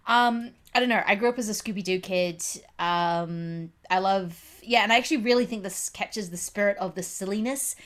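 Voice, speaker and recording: A woman's voice: mid-range voice, normal speed, hardly any pauses, fairly bright tone. Giggly chatty woman podcast host. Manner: chatty, giggly, many fillers. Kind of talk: casual chat about movies.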